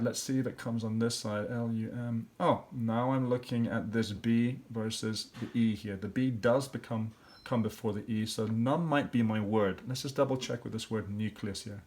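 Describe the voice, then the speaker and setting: A man's voice: mid-range voice, darkish tone. A man teacher working through practice questions, thinking aloud step by step and sounding out letters and syllables. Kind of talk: classroom lesson walkthrough.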